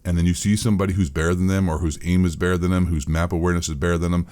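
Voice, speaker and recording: A man's voice: deep voice, flat delivery, very fast, a little mellow. A man giving a profane, mocking, rambling rant as a gaming commentator. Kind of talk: ranting commentary.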